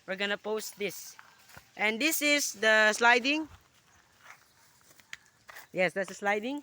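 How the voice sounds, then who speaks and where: A teenage Filipino guy with a high voice talks into a phone as he walks around a park outdoors. His English is halting and apologetic, and he keeps falling back on his native Tagalog. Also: pushed and bright. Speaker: student vlogger. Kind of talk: casual walking vlog, mixing English and Tagalog. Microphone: phone held while walking.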